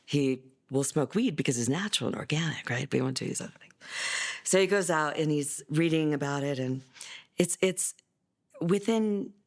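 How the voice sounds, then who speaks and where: A woman's voice: animated, moderate pace. A middle-aged mother tells her son's story in a documentary interview, in a conversational way with fillers and restarts, livening up when she voices what others said. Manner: voices others' words with livelier, higher delivery.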